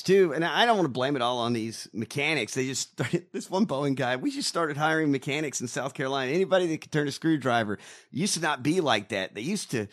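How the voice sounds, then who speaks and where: Profane, animated man ranting. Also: mid-range voice. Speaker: co-host. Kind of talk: casual podcast banter.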